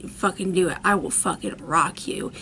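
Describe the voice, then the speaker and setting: A woman voicing her angry younger brother, speaking lower with clenched, daring threats. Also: moderate pace, vocal fry, pushed and bright, slight background noise, heavily acted. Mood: seething. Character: furious younger brother, shaking with rage.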